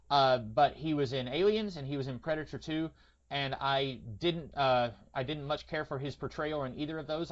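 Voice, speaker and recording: A man hosting a podcast, chatting casually and opinionatedly about movies with many hesitations. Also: fairly high pitch. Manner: rambling, opinionated, frequent hesitations. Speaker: podcast host. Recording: lo-fi audio.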